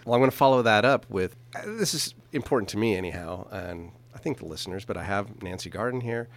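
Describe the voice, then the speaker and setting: A man's voice: on the low side, animated, fast talker, no echo. A man hosting a talk show in a studio, joking, teasing his guests and laughing often. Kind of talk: playful studio interview and party game. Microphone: studio microphone.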